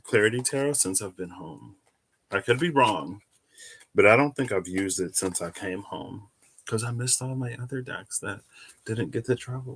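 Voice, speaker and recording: This is a man with a fairly low, bright and forceful voice, talking through a casual tarot reading on his channel. He rambles, second-guesses himself and corrects his own words mid-sentence. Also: creaky, husky. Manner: rambling, self-correcting, chatty. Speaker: tarot reader.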